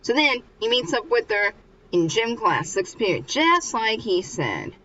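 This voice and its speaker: A woman's voice: a little high, big pitch swings, unhurried, pushed and bright, highs cut off, slight background noise. A young woman casually recapping a manga chapter, rambling and restarting as she goes. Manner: rambling, acts out characters. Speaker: manga reader.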